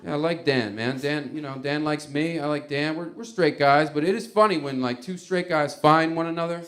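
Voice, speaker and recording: A man's voice: on the high side, normal speed, fairly bright tone. A man doing a rambling stand-up comedy routine, chuckling and acting out little quotes. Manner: rambling, laughing, acts out quotes.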